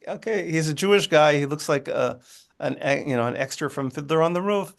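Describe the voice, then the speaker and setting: A man, a guest on a video call from his living room, telling a personal story in a halting way with many restarts. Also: on the high side, creaky. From United States. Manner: halting, with frequent restarts and asides. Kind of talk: conversational storytelling.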